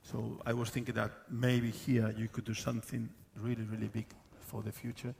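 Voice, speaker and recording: A man, a football club manager, answering questions on stage at a live event, halting with many fillers and often laughing. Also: lowish voice, little pitch movement, vocal fry, a little mellow, slight background noise.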